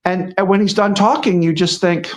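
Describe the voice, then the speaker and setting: A man's voice: high voice, fairly even intonation, normal speed. Middle-aged man, rambling chat. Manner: rambling, many restarts and repeated words. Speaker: guest commentator. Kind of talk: casual conversational commentary.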